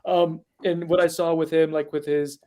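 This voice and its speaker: A man's voice: on the high side, flat delivery, moderate pace, mellow. A man co-hosting a casual college football podcast, rambling with lots of fillers.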